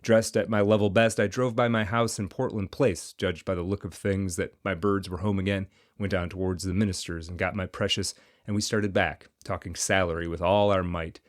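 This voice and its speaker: Lower-voiced man reading a classic story. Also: moderate pace, few pauses, dry recording, studio quality. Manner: lively, expressive reading. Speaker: audiobook narrator. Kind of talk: scripted story narration.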